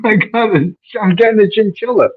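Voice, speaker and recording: A man calling in to a livestream, talking loudly and excitably and laughing often. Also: high-pitched, normal speed, slightly rough, no room sound. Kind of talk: casual livestream chat. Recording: dull lo-fi call audio.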